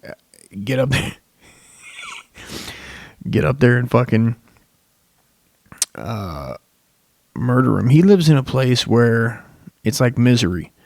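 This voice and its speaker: A man's voice: medium pitch, vocal fry, a little mellow, dry recording, clean studio sound. A young man hosting a comedy podcast, rambling through a crude, profane monologue full of swearing.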